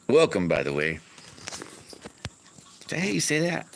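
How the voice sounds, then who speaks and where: A man's voice: fairly high pitch, huge pitch swings, normal speed, creaky, long pauses, slight background noise. A man hosting a casual live stream, chatting with viewers about his workshop in a rambling, self-correcting way. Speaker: livestream host and slingshot maker. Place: home on a wooded property.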